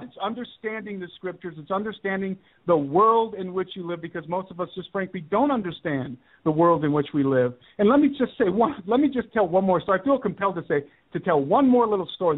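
Earnest man on a tinny phone line. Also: sits high. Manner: earnest, emphatic, repeats key points. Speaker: radio show guest. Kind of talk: personal testimony storytelling. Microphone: telephone.

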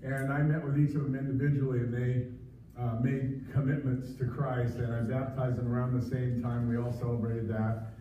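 A man preaching a conversational sermon as pastor, pausing often with fillers, recorded in a church sanctuary. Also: medium pitch, level tone, warm tone, slight background noise. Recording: echoey, distant, dull livestream sound.

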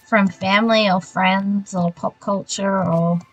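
Aussie woman streaming a game, chatting with viewers, mid pitch, bit of game music in the back. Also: steady tone, measured pace, lo-fi sound. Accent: Australian. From Australia. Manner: chatty, muttering reactions to the game, laughs easily. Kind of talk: casual gameplay chat with live viewers.

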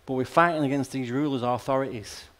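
A man's voice: mid-range voice, fairly even intonation, quick pace, fairly bright tone. A male pastor delivering a sermon in a conversational, plain-spoken way, often tossing rhetorical questions and wry asides to the congregation. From Australia.

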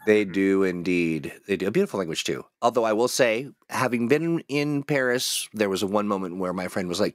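A man's voice: deep voice, fairly quick, hardly any pauses, dry recording, clean studio sound. A man hosting a casual livestream chat, laughing often and rambling through stories. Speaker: host.

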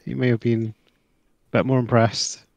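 A man playing in a tabletop role-playing game, playful and quick to laugh. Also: medium pitch, level tone, vocal fry, a little mellow, dry recording. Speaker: player.

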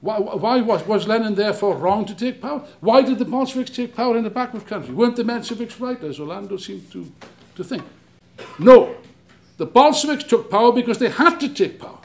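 A man speaking at a public debate with indignant force, driving home his argument through rhetorical questions and frequent restarts. His voice sits high and swings widely in pitch. He sounds emotional and combative, never flat. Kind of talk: impassioned public debate speech. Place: lecture hall.

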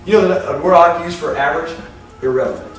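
Brief: animated male motivational speaker, thirties, high voice, heard from far off in a big hall. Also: fast talker. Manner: animated, acts out scenes, laughs often. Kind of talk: leadership seminar talk. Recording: echoey hall from far off, faint music.

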